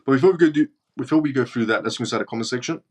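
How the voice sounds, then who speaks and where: A man's voice: medium pitch, rapid-fire. A man with a British accent hosting a live stream, reading news and viewer comments aloud in a blunt, mocking way. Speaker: crypto livestream host.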